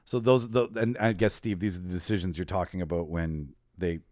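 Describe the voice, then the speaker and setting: Man, podcast host, deep low voice, pushy questioning manner, casual debate, dry close sound. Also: steady tone, brisk, a little mellow, no echo. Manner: pushy, questioning, self-described movie snob.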